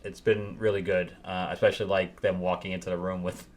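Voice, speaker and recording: A man's voice: low voice, flat delivery, brisk. A man hosting a casual comic book review, rambling and laughing at his own retellings.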